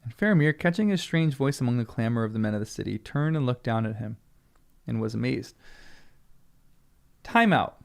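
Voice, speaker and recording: American man, gravelly read-along host, chatty and musing, frequent laughs. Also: mid-range voice, expressive, normal speed, pauses often. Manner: chatty, laughs often, muses out loud. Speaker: channel host reading a book. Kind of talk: read-along with casual commentary.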